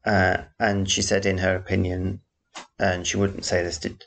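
Rambling man with a gravelly voice. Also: low voice, monotone, normal speed, a bit bright, a little hiss or hum. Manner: rambling, chatty, self-interrupting. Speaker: vlogger. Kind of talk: casual diary-style chat.

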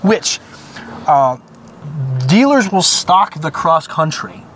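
A man's voice: on the high side, big pitch swings, slow pace, a bit bright, slight background noise. A man co-hosting a podcast, chatting casually and enthusiastically while touring cars on an auto show floor. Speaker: podcast co-host. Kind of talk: casual walking-tour chat.

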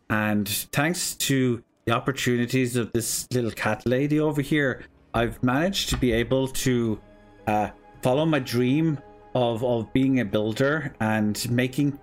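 A man's voice: mid-range voice, close to an everyday voice. A man voicing a cheerful, short male builder who runs a tavern. He plays him in a tabletop game with a fake Irish brogue that keeps slipping. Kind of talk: tabletop role-play character voice.

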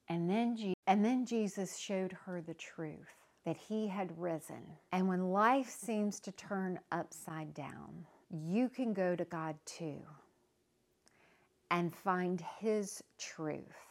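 A woman hosting a faith-based talk, speaking in an earnest, conversational and reflective way. She sometimes pauses to search for the right word. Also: on the low side, a little mellow. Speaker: podcast host.

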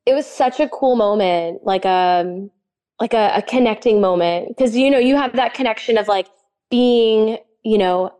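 Young woman gushing in a casual chat, lots of likes, kinda high voice. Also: normal speed, warm tone, clean tone. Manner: gushing, filler-heavy, giggly.

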